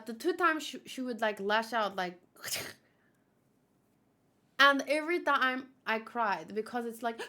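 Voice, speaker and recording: A woman hosting a manga read-along, chatting casually with quick, giggly asides. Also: a little high, bright, forceful tone. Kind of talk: casual chat and reading aloud.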